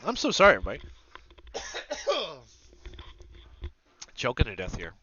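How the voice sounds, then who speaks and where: A man's voice: fairly high pitch, wildly swooping pitch, takes it slowly, a bit bright, highs cut off, slight background noise. A man hosting a casual maker livestream, rambling to his viewers and to himself as he sets up a 3D print. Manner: rambling, talks to the audience and to himself. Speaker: maker channel host.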